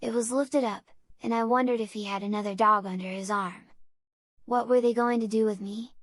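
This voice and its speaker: A woman's voice: fairly high pitch, steady tone, moderate pace, no room sound. Woman reading a storybook aloud. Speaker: audiobook reader. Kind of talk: storybook narration.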